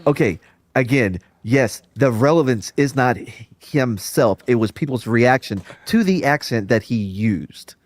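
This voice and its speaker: A man's voice: mid-range voice, expressive, unhurried. Jokey man with a swinging voice. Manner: jokey, steers back on topic, does silly accents. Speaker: panelist. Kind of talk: casual comedic panel chat.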